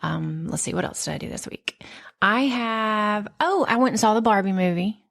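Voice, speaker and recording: A woman in her thirties hosting a podcast, telling stories in a candid, profane, animated casual chat. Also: medium pitch, normal speed, gravelly. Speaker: podcast host.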